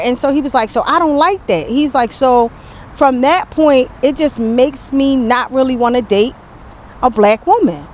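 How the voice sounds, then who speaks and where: An older woman hosting a podcast, telling a story with lively reenacted quotes and many restarts. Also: high-pitched, normal speed. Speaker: podcast host. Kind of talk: candid podcast conversation.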